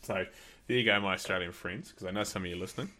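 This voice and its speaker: A man's voice: deep voice, quick pace, pushed and bright. A man with a New Zealand accent hosting a casual podcast chat, telling stories and acting out the people in them. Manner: storytelling, laughing, acting out quoted voices. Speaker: podcast host.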